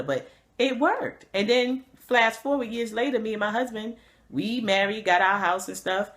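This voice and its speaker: A young woman with a New York accent hosts a casual chat and spins stories in loose, slangy talk. She acts out the people in her anecdotes as she goes. Her voice has a bright, forceful edge. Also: mid-range voice, a little fast. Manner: animated storyteller, slangy, imitates others. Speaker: host.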